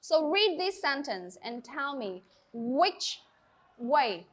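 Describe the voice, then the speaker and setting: A woman leads an English lesson in a classroom, her voice high and bright. She guides students patiently and encouragingly, speaking clearly and instructively. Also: sing-song, slow. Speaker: English teacher. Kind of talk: classroom teaching.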